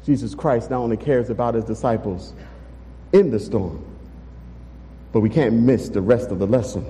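A man's voice: medium pitch, moderate pace, dark tone, big-room sound, poor audio. A man preaching a sermon as pastor, emphatic and full of rhetorical questions, in a church sanctuary. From Texas.

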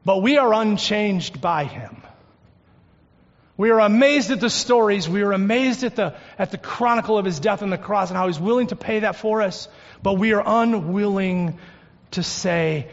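High-voiced pastor preaching in a reverberant hall. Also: male voice, normal speed, vocal fry, lo-fi sound, slight background noise. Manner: earnest preaching, drops to a hush on key points. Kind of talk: sermon. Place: church sanctuary.

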